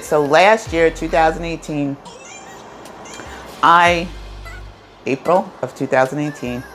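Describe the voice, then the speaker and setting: Low-voiced woman chatting to camera. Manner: chatty, animated, full of asides. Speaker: vlogger. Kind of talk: casual storytelling to camera.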